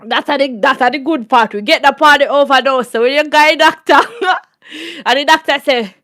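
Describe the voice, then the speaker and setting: A woman with a Jamaican accent hosting a casual storytime chat, animated and laughing often. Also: high-pitched, normal speed, dry recording, clean studio sound. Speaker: channel host.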